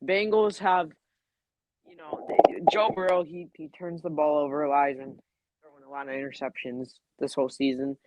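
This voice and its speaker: Man, co-host, hesitant sports picks, fairly high voice, dry sound. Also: level tone, normal speed, no echo, dull audio. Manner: mock-whining, hesitant. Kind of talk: casual sports chat.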